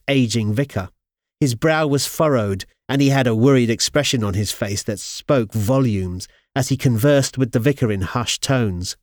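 A man narrating an audiobook with expressive storytelling. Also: mid-range voice, no room sound, clean studio sound.

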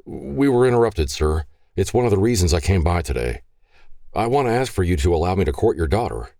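A man's voice: deep voice, very animated, a little fast, dark tone, no echo, clean studio sound, voice pushed up. A man voicing a nervous, polite young man who answers respectfully.

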